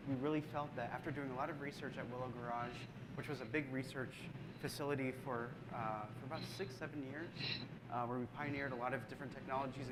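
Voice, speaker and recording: A man who leads design speaks on a panel in a steady, slightly hesitant manner, at a middle pitch for a man. Event-room noise is clearly audible behind him. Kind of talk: panel talk.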